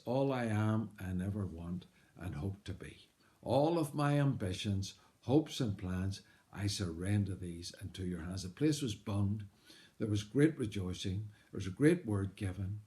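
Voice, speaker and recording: Northern irish guy, lowish voice, telling his missionary story, earnest, lots of uhs. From Northern Ireland. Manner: earnest, animated retelling with frequent "uh" fillers. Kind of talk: personal testimony storytelling.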